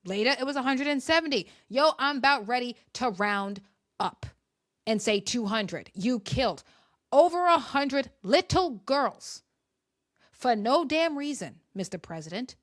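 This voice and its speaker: A woman's voice: on the high side, expressive, measured pace, no room sound, clean studio sound. A young woman ranting through political commentary, heated, sarcastic and emphatic. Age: young adult. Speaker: commentary vlogger.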